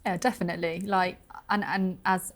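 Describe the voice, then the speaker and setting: A woman's voice: lowish voice, flat delivery, moderate pace. Earnest woman guest on a talk show. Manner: earnest, emphatic, chatty. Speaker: interview guest. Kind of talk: conversational TV interview.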